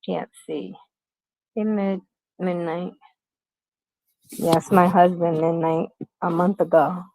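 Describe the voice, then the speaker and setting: A woman's voice: lowish voice, little pitch movement, takes it slowly, gravelly, a little mellow, no echo, low-quality recording. A middle-aged woman livestreaming on her phone from a hospital room. She rambles casually and keeps greeting viewers by name. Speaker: YouTube livestream host.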